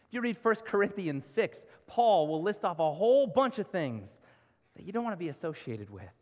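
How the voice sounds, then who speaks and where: A man preaching a sermon as pastor, earnest, asking pleading rhetorical questions of his congregation. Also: a little high. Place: church sanctuary. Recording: reverberant church hall.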